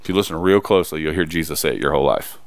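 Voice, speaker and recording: A man preaching a sermon as pastor, swinging from loud, emphatic lines to low, confiding asides. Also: expressive, rapid-fire, creaky, dry recording.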